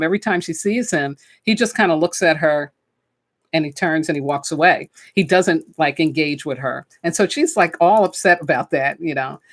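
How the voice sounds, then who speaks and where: A woman hosting a spiritual talk show, chatting casually and enthusiastically about films, with frequent fillers. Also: sits low. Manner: enthusiastic, chatty, with many fillers and "you know". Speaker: podcast host and spiritual teacher. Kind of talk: casual spoken film commentary.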